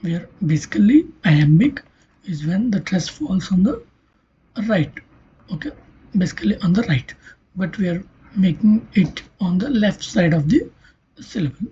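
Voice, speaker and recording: A linguistics lecturer giving an online lesson in a breathy, half-whispered voice, often stopping to ask whether it is clear and correcting themself mid-explanation. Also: medium pitch, lively intonation, measured pace, pauses often, mellow. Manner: checks understanding with "Clear?" and "right?". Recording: dull lo-fi recording.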